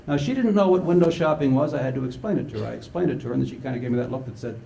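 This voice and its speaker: An older man giving a humorous keynote to a conference audience, an animated storyteller who acts out the dialogue. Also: fairly high pitch, rapid-fire, gravelly, slight background noise. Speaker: conference speaker. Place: large conference hall with live audience. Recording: echoey conference hall.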